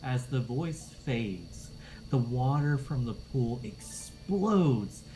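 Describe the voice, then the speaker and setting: A man guides a tabletop game as game master, narrating at a very unhurried pace in a mid-range voice. He laughs often between descriptions. Music plays clearly underneath. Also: mid-range voice, lively intonation, mellow, poor audio. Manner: deliberate narration with frequent laughter.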